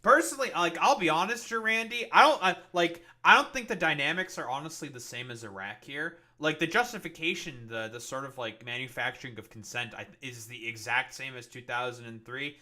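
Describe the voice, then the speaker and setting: A man's voice: medium pitch, lively intonation, bright, forceful tone. A man streaming, reacting to a video in rambling, profane, sarcastic casual commentary. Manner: halting, with many fillers and restarts.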